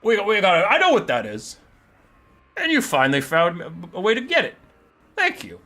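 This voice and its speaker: A man hamming up a loud boastful ogre chief. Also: sits high, huge pitch swings, moderate pace, voice pushed up, full character voice.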